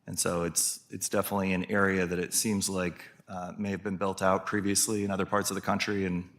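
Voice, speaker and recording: A man from city staff explaining a franchise agreement to the council in a measured way with fillers. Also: sits low, level tone, a bit bright.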